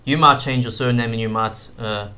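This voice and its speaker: Bright-voiced young man rambling about fights. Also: mid-range voice, steady tone, moderate pace. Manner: rambling, frequent fillers and slang like "bro". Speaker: YouTube commentator. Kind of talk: casual commentary.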